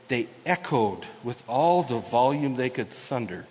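A man preaching a sermon, moving between quiet asides and loud, emphatic proclamation as he explains a scripture passage. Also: mid-range voice, animated, a little slow, few pauses, breathy edge, big-room sound. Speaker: pastor.

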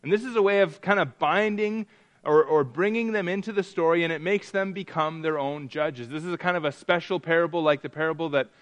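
In a church, a man whose voice sits a little high gives a sermon at a fairly quick clip. He keeps it interactive, chatting with and asking questions of the congregation, and he restarts and repeats himself a lot.

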